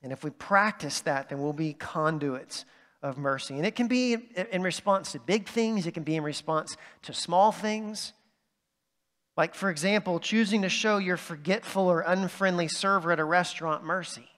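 A man's voice: high-pitched, moderate pace, a bit bright, long reverb tail. A man pastor delivering a sermon in a conversational way, often checking in with "right?". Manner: conversational preaching with asides like "right?". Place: church sanctuary.

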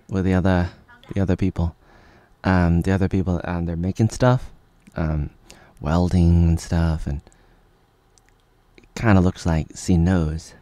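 A man's voice: low voice, mellow, no room sound. A man in his thirties from the United States, rambling jokily through casual reaction commentary. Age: 30s. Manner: rambling, jokey, jumps into silly voices.

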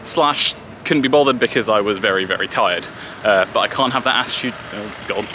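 A man's voice: lowish voice, fairly quick, background noise. A young man from Britain, chatting in a rambling, self-deprecating way to a handheld camera while walking through a city. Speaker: travel vlogger. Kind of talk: casual vlog monologue to camera. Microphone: handheld camera at arm's length.

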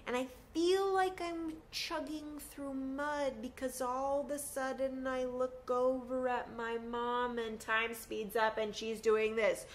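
A woman's voice: slow pace, hardly any pauses, slight background noise. A woman performing a personal story, acting out the voices of the people in it. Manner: animated, acts out quotes with big pitch swings.

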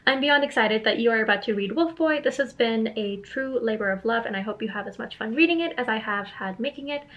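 A woman's voice: fairly high pitch, lively intonation, brisk, muffled recording, natural voice. A woman putting on a playful mock British accent to voice a cheerful male artist reading a friendly note aloud.

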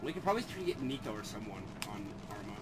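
On a rough recording, a man with a lowish voice talks rapid-fire and very animated. He's a gamer playing a shooter with a friend, bluntly explaining the game and swearing casually in typical gaming banter.

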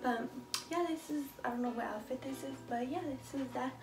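Here a young fashion vlogger with a high voice moves at a fairly quick pace, casually chatting through her clothing try-on haul. She's blunt and swears constantly, and the echoey room carries faint music behind her.

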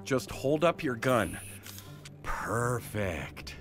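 An actor playing an eager young male fan, gushing and excited. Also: mid-range voice, very slow, soft background music.

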